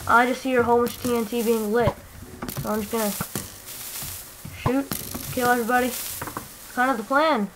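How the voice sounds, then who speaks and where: High-voiced woman teasing strangers. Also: steady tone, fairly quick, long pauses, noisy background. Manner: goofy, teasing, jokes at strangers then takes it back. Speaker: gaming YouTuber. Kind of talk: casual gameplay commentary.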